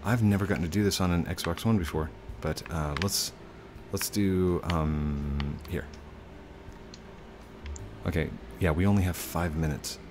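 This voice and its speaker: A man's voice: low voice, steady tone, a little slow, background noise. A man hosting a gameplay video, chatting casually while he plays, teasing his guest and laughing often. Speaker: gaming video host.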